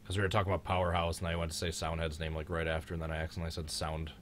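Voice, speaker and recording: A man's voice: sits low, flat delivery, very fast, a bit bright, a little hiss or hum. A young man hosting a live stream, chatting casually and joking in a rambling way.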